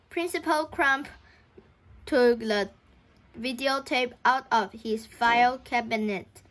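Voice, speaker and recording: Young woman, reading a storybook aloud, halting, frequent restarts, slow, fairly high voice. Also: fairly bright tone. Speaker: reader. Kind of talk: reading a children's book aloud.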